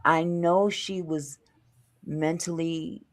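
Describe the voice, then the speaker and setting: A woman telling a story in casual chat, animated and laughing as she talks. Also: sits low, takes it slowly.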